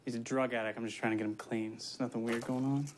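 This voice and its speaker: A man's voice: mid-range voice, level tone, fast talker, heavy background noise, close to an everyday voice. An actor playing a tired, exasperated man stuck in a time loop, talking dry and sarcastic. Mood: weary. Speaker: actor in a film. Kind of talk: film dialogue.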